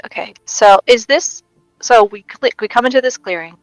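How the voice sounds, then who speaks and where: A woman's voice: on the high side, normal speed, no room sound, soft background music, poor audio. A woman playing a tabletop game, chatting casually and thinking aloud as she asks questions. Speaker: player.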